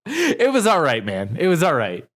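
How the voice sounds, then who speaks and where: A man's voice: a little high, wildly swooping pitch, moderate pace, a bit bright. A man co-hosting a comedy podcast, bantering casually, joking and swearing, often trailing off with fillers. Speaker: podcast co-host.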